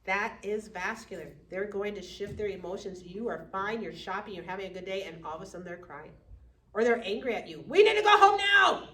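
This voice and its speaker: A woman teaching a class on dementia care, lively, acting out family members and residents. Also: medium pitch, fairly quick. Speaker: dementia educator. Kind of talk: classroom lecture. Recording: echoey room from far off.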